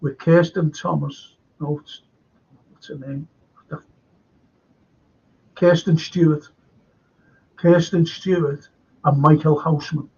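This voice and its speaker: A man's voice: fairly high pitch, fairly even intonation, slow, long pauses, darkish tone, husky, lo-fi sound. A man with a Scouse accent hosting a live stream, chatting in a meandering way and reading out viewer comments. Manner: meandering, chatty, self-interrupting.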